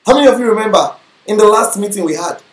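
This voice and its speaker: Speaking fast in a high-pitched, lively voice, a man preaches a sermon as pastor, recorded in an echoey room. He frequently checks in with the congregation, asking if they follow him.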